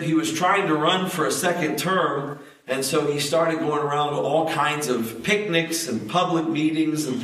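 A man preaching a sermon, telling stories in a lively way and acting out the voices he quotes. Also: a little high. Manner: storytelling, animated, acts out quoted voices. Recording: echoey hall, mic at a distance.

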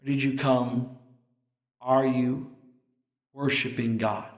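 A man's voice: medium pitch, fairly even intonation, slow pace, echoey room. A man preaching a sermon to his congregation, earnestly asking them pointed questions and closing in prayer. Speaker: pastor. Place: church sanctuary.

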